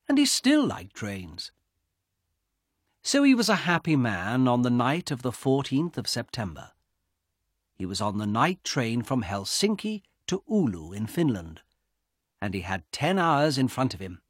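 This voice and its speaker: A man reading a story aloud as narrator, slow and deliberate. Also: medium pitch, sing-song, husky, no room sound, clean studio sound.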